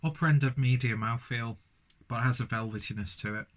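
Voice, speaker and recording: A man's voice: medium pitch, a little fast. A man casually reviewing a beer, rambling with lots of fillers and restarts.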